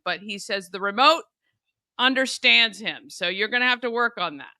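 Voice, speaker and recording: Bright, crisp-voiced chatty woman host. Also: on the high side, moderate pace, dry recording. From United States. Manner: chatty, laughs easily. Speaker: morning show host. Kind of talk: casual chat.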